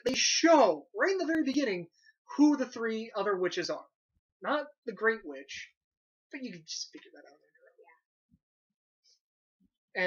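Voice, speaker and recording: A sarcastic, animated young man with a high-pitched voice riffs through a casual movie review for his site, mocking what he watched and swearing offhandedly. The audio is dull and lo-fi.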